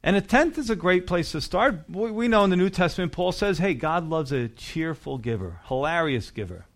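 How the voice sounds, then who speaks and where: A male pastor delivers a sermon in a church. His voice sits a bit on the high side, and he keeps the preaching conversational, leaning on rhetorical questions to draw listeners in. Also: lively intonation, moderate pace.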